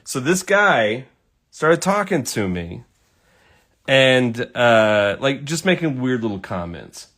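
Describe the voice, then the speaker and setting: A man's voice: mid-range voice, big pitch swings, slow, fairly bright tone. A man telling a rambling, casual story while painting, swearing freely and using lots of fillers.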